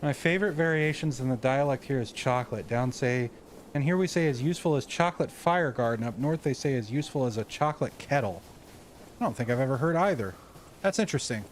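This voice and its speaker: Here the Southern US streamer talks at a medium pitch, expressive and quick, with a little hiss or hum in the audio. He chats casually while playing a video game, exclaiming at what happens and often restarting what he's saying.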